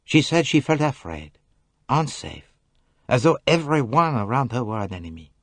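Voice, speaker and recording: A man reading an audiobook, voicing a fastidious older detective who speaks earnestly and formally. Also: medium pitch, sing-song, dry recording, voice pushed up. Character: fastidious older male detective, calm and probing. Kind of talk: audiobook character voice.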